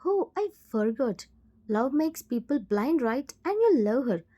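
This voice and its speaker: A woman's voice: sits high, sing-song, a little slow, warm tone, full character voice. A woman voicing a heartbroken young woman who speaks in a tearful, accusing way. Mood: hurt, accusing.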